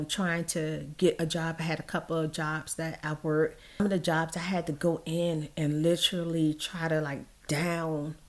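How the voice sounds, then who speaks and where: Animated storytelling woman, lowish voice. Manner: animated storytelling, acts out quoted people. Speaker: vlogger. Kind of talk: storytime chat.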